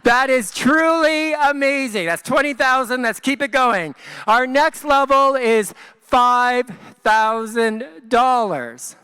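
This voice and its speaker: Speaking into a handheld mic, a man with a very high, pushed, bright voice hosts a live gala fundraiser in an event room full of guests. His tone is clear and resonant as he rallies the crowd with upbeat energy and runs the paddle raise, calling out paddle numbers and donation amounts in slow, drawn-out calls.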